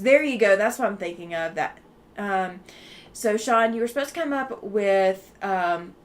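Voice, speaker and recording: A woman hosting a relaxed quilting live stream, chatting with viewers and thinking aloud with lots of ums and likes. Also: medium pitch, slight background noise. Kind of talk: casual live-stream chat, reading viewer comments.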